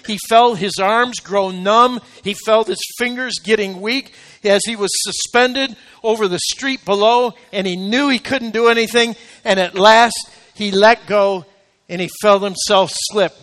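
Man preaching, high voice, swells then hushes, long church reverb. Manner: preaching with swelling rising emphasis, then dropping to quiet intimate talk. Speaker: pastor. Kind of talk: sermon. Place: church sanctuary.

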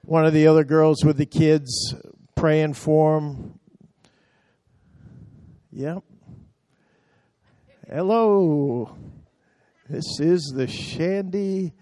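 A man's voice: a little high, fairly even intonation, extremely slow, pauses often, warm tone, no room sound, studio quality. A man talking a church through slides from a mission trip, chatty and emotional, telling the operator to move on.

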